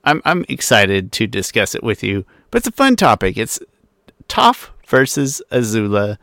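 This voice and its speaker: Low-voiced guy hosting a chatty podcast, dry close mic, lots of side comments. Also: huge pitch swings, creaky, a bit bright, no room sound. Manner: chatty, introduces the show with quick asides. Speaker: podcast host. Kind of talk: casual podcast chat.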